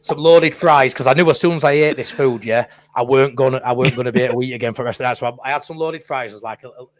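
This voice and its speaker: A man's voice: mid-range voice, very fast, no room sound. A man with a Yorkshire accent telling a long story in casual chat, blunt and swearing freely. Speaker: podcast co-host.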